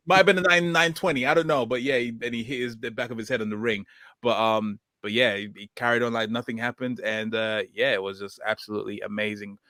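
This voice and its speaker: A man's voice: mid-range voice, steady tone, fast, sharp tone, no echo, clean studio sound. A man hosting a casual podcast chat, talking hesitantly with many ums and restarts. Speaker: podcast host.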